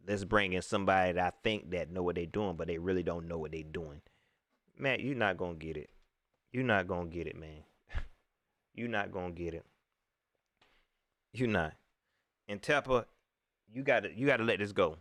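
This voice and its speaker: A man hosting a casual live-stream sports talk show, animated and repeating phrases, often laughing. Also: low voice, no echo, clean studio sound. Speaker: sports fan show host.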